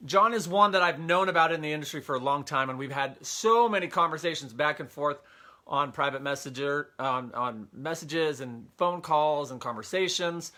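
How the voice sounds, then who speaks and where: Young male livestream host, bright and forceful tone, slightly high voice, upbeat and chatty, earpiece mic. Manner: upbeat, greets viewers by name, many fillers. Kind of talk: casual livestream chat. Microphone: Bluetooth earpiece.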